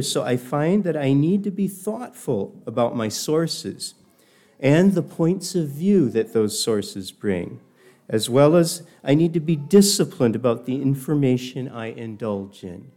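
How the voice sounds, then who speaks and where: A man's voice: mid-range voice, animated, unhurried, dark tone. An older man giving a reflective personal talk, telling stories in a thoughtful, digressive way.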